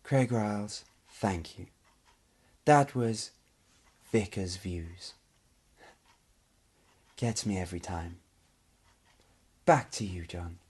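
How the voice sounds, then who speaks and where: A man playing a mock-serious male TV reporter, asking deadpan questions in a comedy interview. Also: sits low, slow, long pauses, husky, exaggerated voice.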